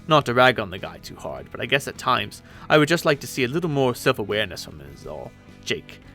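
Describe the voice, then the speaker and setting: A man's voice: mid-range voice, big pitch swings, quick pace, creaky, bright, forceful tone, faint music behind, pitched below the performer's own voice, exaggerated voice. A man voicing a clueless young male adventurer who rambles in a folksy, self-absorbed way, in a webcomic read aloud with voices. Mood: rambling.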